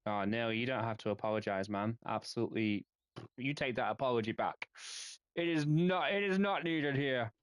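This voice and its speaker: A man with a Yorkshire accent chatting casually with viewers while streaming a game, friendly and quick to laugh, stumbling over names. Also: mid-range voice, smooth, dry recording, highs cut off.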